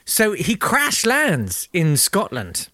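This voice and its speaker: Bright bantering male podcast host. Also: high voice, huge pitch swings, slow pace, no room sound. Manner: bantering, mock-indignant storytelling. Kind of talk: comic history chat.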